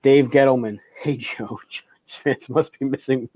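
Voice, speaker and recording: A young man co-hosting a casual sports post-game chat, breaking into laughter as he reads out live chat comments. His voice sits at an ordinary middle pitch, and it was recorded close and dry with no room sound. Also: steady tone, unhurried, dark tone, no room sound. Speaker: podcast co-host.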